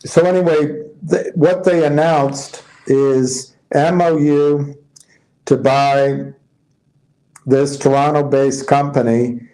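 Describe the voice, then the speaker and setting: Male commentator, slow and laid-back, reads headlines and riffs on them, restarts sentences freely. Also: on the high side, steady tone, mellow, poor audio. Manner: musing, reads headlines aloud and explains them; loose, restarting sentences, tired and yawning. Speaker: stock commentator. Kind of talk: casual market commentary.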